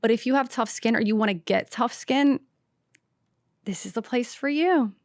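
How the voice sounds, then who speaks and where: A woman's voice: on the high side, normal speed, dry recording, studio quality. A woman from the American South with a light Southern accent, a stand-up comedian hosting her own podcast in a brash, sassy, self-mocking solo rant. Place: podcast studio.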